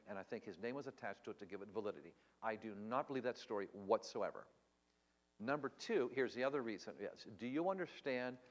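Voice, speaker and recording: A man's voice: lowish voice, long reverb tail. A man preaching in an earnest, emphatic way, teaching Bible answers on a live stream and asking rhetorical questions.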